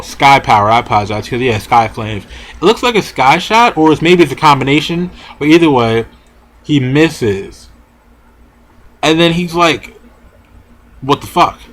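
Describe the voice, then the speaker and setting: A young man casually reviewing a manga chapter, talking in an excited, profane, rambling way. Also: medium pitch.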